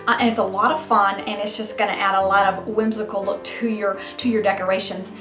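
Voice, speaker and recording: A woman's voice: mid-range voice, flat delivery, fairly quick, few pauses, a bit bright. Gushing woman in an echoey room. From Mississippi, US. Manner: gushing and chatty. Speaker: crafts tutorial host. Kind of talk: casual craft demonstration. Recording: roomy echo with background music.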